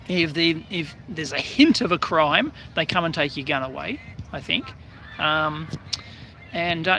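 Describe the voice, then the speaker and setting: An Australian man hosts a casual outdoor live stream, chatting and greeting viewers by name in a rambling way. His voice is a little high, bright, and forceful, with slight background noise.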